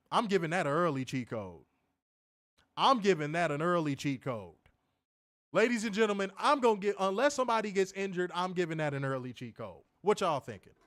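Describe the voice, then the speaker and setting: Excitable young man, laughing, slangy. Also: high-pitched, dry recording, studio quality. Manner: excitable, laughs often, slangy, repeats phrases. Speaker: wrestling show reviewer. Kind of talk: casual live-stream commentary reading chat.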